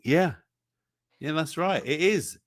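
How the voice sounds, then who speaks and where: A man's voice: a little high, animated, takes it slowly, dry recording, studio quality. A man hosting a livestream song quiz in a jokey, casual way, reading out the chat's answers. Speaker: livestream show host.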